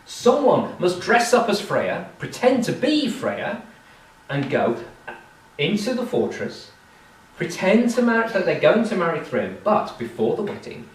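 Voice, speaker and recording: A man voicing an old, wise male chief of the gods who speaks in a measured, solemn way, heard from far off in an echoey live room. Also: high-pitched, huge pitch swings, pitched above the performer's own voice, full character voice.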